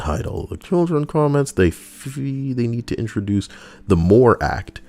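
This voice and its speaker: Deep-voiced crude sarcastic male streamer. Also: expressive, moderate pace, a little mellow. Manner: crude, sarcastic running commentary. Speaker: livestream host. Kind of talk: casual chat reading posts aloud.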